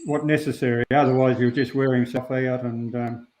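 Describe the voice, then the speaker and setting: A man's voice: medium pitch, steady tone, a little mellow. An Australian man, a sheepdog handler, talking unhurriedly as an interview guest with plenty of ums. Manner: unhurried, plain-spoken, many ums. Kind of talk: relaxed interview talk. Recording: roomy, dull lo-fi sound.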